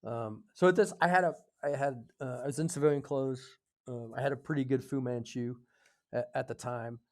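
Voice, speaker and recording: Halting, rambling man in his fifties. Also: medium pitch, steady tone, darkish tone. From United States. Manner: halting, full of fillers and self-corrections. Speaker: podcast guest, retired Air Force officer. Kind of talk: casual storytelling in conversation.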